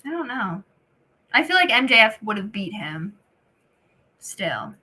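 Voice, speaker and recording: Young female guest, bright tense voice, laid-back hedging chat. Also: mid-range voice, sing-song, unhurried, breathy edge. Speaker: podcast guest. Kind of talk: casual chat.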